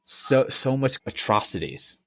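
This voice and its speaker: A young man co-hosting a casual podcast, rambling and profane as he tells animated stories. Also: medium pitch, unhurried, gravelly, no room sound. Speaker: podcast co-host. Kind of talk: casual chat.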